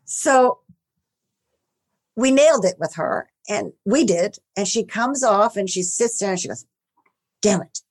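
A woman, a film makeup artist, telling stories in an interview, growing animated when excited. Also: medium pitch, unhurried. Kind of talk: interview, casual storytelling.

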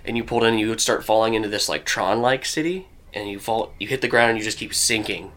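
A man's voice: lowish voice, fast talker, a bit bright. A man narrating as game master of a tabletop role-playing game, casual and vivid, with many filler words.

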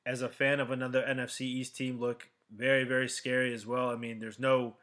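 Guy hosting a sports podcast, bright voice, loose and rambly, restarts a lot. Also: mid-range voice, fairly quick. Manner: relaxed, rambling analysis with many restarts. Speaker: podcast host. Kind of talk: casual sports chat.

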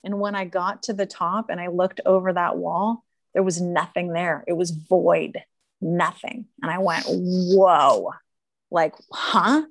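A woman's voice: lowish voice, level tone, unhurried, gravelly, no echo. A woman talking earnestly and emphatically in a casual conversation, laughing often as she coaches.

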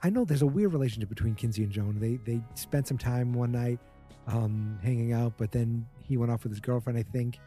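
A man's voice: mid-range voice, brisk, mellow, faint music behind. A man casually recapping a TV episode, rambling with many fillers and acting out what the characters say.

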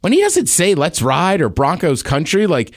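A man co-hosting a podcast, chatting loosely about sports, rambling with plenty of "like" and quick laughs. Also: high-pitched, wildly swooping pitch, dry recording, studio quality. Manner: rambling, lots of "like", laughs often. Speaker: podcast co-host. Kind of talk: casual sports chat.

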